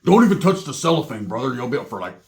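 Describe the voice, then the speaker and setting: A man voicing an easygoing, soft-spoken male drug dealer in a low, slow, soothing drawl. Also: big pitch swings. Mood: confiding.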